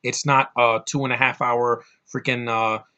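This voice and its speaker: A man's voice: medium pitch, flat delivery, moderate pace, pushed and bright, clean tone, muffled recording. A man reviewing a movie on his vlog in a rambling, casual way, swearing and getting fired up.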